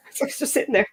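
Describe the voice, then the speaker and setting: A woman hosting a casual chat, telling stories and asking questions in a chatty way. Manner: chatty, lively storyteller. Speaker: host.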